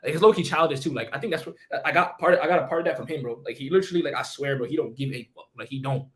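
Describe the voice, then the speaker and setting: Young guy ranting a story on stream, super fast, kinda high voice, swears a ton. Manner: rapid, profane slang, lots of repeats and restarts.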